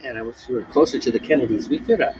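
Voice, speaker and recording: A man's voice: medium pitch, very fast, noisy background. Guy rambling on a porch brew stream, laughs a lot, kinda muffled audio. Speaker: homebrew show co-host. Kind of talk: casual live-stream chat. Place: front porch patio, outdoors.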